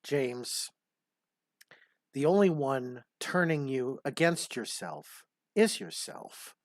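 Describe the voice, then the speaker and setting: A man's voice: mid-range voice, expressive, slow pace, dry recording. Dry sarcastic male stream host. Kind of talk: commentary over a clip.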